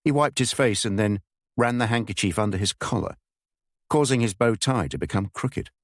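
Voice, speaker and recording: A man reading a thriller aloud in measured, expressive scripted narration. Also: fairly low pitch, dry recording, clean studio sound. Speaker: audiobook narrator.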